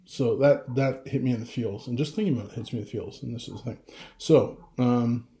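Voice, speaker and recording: A man's voice: mid-range voice, brisk, mellow, roomy sound. A middle-aged father talking casually to camera, rambling with restarts and getting emotional. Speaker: vlogger.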